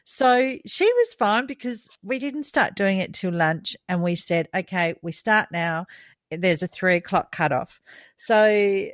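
A middle-aged woman co-hosting a podcast, telling family stories in a lively way and laughing often. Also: medium pitch, unhurried, dry recording. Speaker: podcast co-host. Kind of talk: casual storytelling chat.

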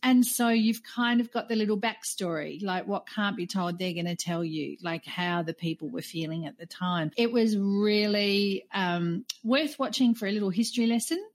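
A woman's voice: mid-range voice, moderate pace, few pauses. A woman co-hosting a podcast, telling a rambling, chatty story in casual conversation. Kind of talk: casual chat.

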